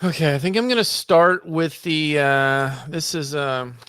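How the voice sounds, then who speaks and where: On a casual podcast, a male co-host taste-tests food, chatty but a bit hesitant, and talks with his mouth full. His clear, resonant voice is on the high side and fairly bright, moving a little slowly. The recording is dry and studio-quality.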